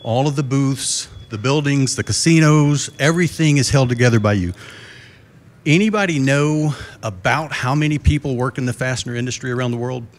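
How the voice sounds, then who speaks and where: A middle-aged man with a drawl gives a keynote on a conference stage, speaking into a stage microphone. He spins folksy jokes and stories and asks the crowd questions. His voice sits at an ordinary middle pitch for a man. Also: brisk. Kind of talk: live conference talk. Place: conference stage before a live audience.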